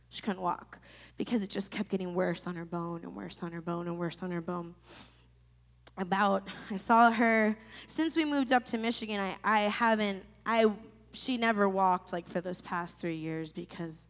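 Woman in her thirties from Florida, emotional and halting personal testimony, reverberant space. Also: mid-range voice, a bit bright. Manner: emotional, halting, many restarts. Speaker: storyteller sharing a personal testimony. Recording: long reverb.

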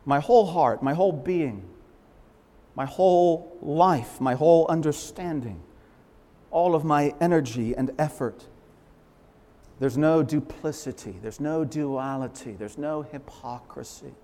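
A man preaching a sermon as pastor, fervent and emphatic, swinging from loud swells to hushed, quiet lines. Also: on the high side, unhurried. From Massachusetts, USA. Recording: long reverberant hall echo.

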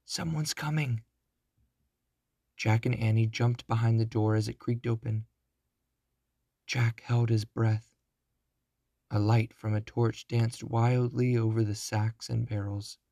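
Slow, deliberate male storybook narrator. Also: fairly low pitch, mellow, dry recording, studio quality. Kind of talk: children's storybook reading.

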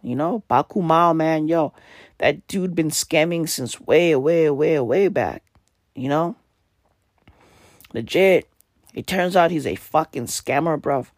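A man hosting a podcast, with a hoarse, worn-out voice and low energy, talking in a casual, profane comedic rant. He keeps tagging his lines with slang and "right?". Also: slow, pauses often, no room sound, studio quality. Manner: profane, repetitive, tags lines with "bruv" and "right?". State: hoarse, voice nearly gone. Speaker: podcast host.

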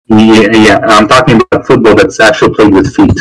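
A man's voice: on the low side, steady tone, fairly quick, fairly bright tone, husky, poor audio. A man appearing as a guest on a podcast, chatting casually and rambling with frequent hesitations and restarts.

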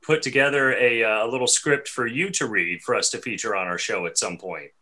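Male podcast host, bright and forceful tone, halting casual delivery. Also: mid-range voice. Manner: halting, lots of "uh"s.

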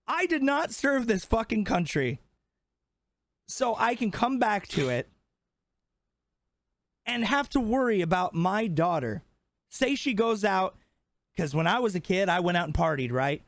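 Swearing nonstop, another twenties-aged man co-hosting a podcast rants with fiery emphasis in a high-pitched, very animated voice. He takes his time, leaving long pauses, and the audio has no echo.

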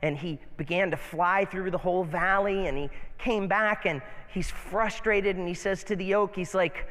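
A man in his fifties delivers a sermon in a high, bright-pitched voice, chatting his way through with homespun asides and false starts. His words ring out with a long reverb, as if in a big church sanctuary. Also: fairly even intonation, normal speed. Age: 50s. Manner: conversational preaching with folksy asides and restarts. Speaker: pastor. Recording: long reverb of a large hall.

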